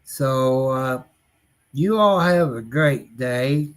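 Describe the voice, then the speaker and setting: Very slow-talking man. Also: mid-range voice, expressive. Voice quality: folksy, drawn-out delivery with frequent chuckles. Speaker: livestream host. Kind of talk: casual livestream chat.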